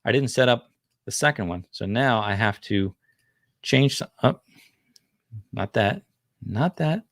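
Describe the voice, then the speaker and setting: A man's voice: medium pitch, lively intonation, measured pace, dry recording, studio quality. A man in his fifties with a New Jersey accent, hosting a casual livestream and chatting in a rambling way with lots of fillers. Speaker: livestream host.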